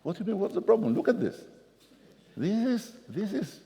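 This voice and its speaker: A man voicing a hysterical French EU supervisor who shrieks in indignant outrage, his voice jumping up high, in a hall with long reverb. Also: big pitch swings, moderate pace, creaky, mellow, exaggerated voice. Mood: indignant shrieking.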